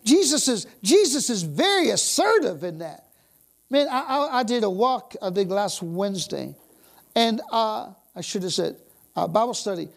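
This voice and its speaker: A woman preaching a sermon, exuberant, bursting into exclamations of praise and dwelling on repeated phrases. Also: a little high.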